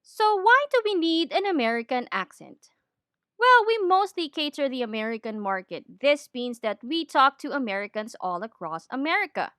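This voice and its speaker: A woman giving a scripted lesson on training, in a clear, deliberate teaching manner. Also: high-pitched, big pitch swings, fairly bright tone, no echo, clean studio sound. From Philippines. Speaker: accent trainer.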